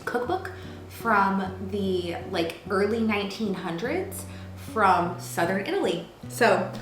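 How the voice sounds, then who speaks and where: A chatty woman in her thirties hosts a home cooking show and tells stories in a playful, gossipy way. Her voice carries a roomy echo from the kitchen, with music playing clearly behind her. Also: medium pitch, expressive, slow pace. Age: 30s. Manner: gossipy, playful storyteller with lots of fillers.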